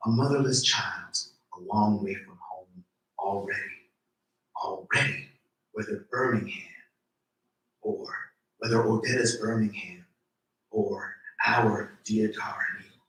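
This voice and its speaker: A man giving a slow, deliberate, rhythmic live poetry reading. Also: lowish voice, a bit bright. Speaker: poet reading his work. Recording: very echoey room, voice from far off.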